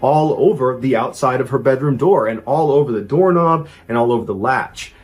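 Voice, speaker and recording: A man telling a true crime story as host, with animated, dramatic emphasis. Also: mid-range voice, breathy edge.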